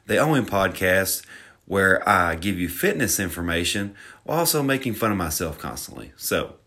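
A man's voice: low voice, big pitch swings, moderate pace, pushed and bright. A young man from Alabama with a Southern drawl, hosting a casual fitness podcast and joking at his own expense. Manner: joking, self-mocking, rambling with restarts. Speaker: podcast host.

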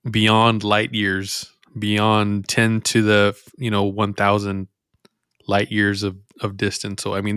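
A man's voice: lowish voice, a bit bright, clear, resonant tone, dry recording, studio quality. A man hosting a faith podcast, reflective and meandering as he thinks aloud in casual talk. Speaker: podcast host.

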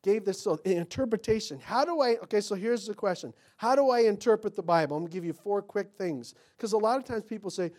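A man preaching a sermon as pastor, telling stories and acting out quotes, swinging between loud and whispered lines. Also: high-pitched, lively intonation, brisk, hardly any pauses.

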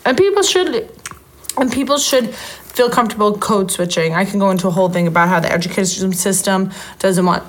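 A woman's voice: mid-range voice, brisk. A young woman co-hosting a podcast, chatting casually and rambling with frequent self-corrections. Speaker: podcast co-host. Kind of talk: casual chat.

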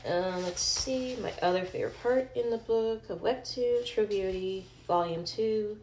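A woman's voice: mid-range voice, measured pace, hardly any pauses, darkish tone, a little hiss or hum. A woman host reading a comic aloud in a casual, rambling way, thinking aloud as she goes. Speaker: podcast host.

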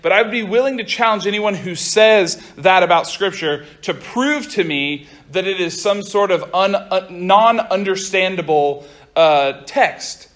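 A young man giving a casual youth sermon to a group, talking fast and chatty, often stopping to restart his sentences. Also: high voice, a bit bright. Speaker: youth pastor. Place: room with a group of listeners.

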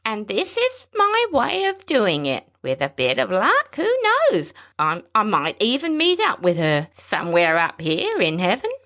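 A woman voicing a frail elderly male bush pilot with a thin, high, wavering voice that drawls and stammers. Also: huge pitch swings, slow pace, creaky, a bit bright, exaggerated voice. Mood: grieving.

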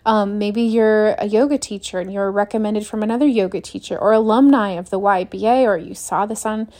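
A woman's voice: mid-range voice, steady tone, fairly quick, darkish tone. A young woman hosting a solo motivational podcast, talking earnestly and upbeat, acting out small quoted scenes as she goes. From United States. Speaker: podcast host.

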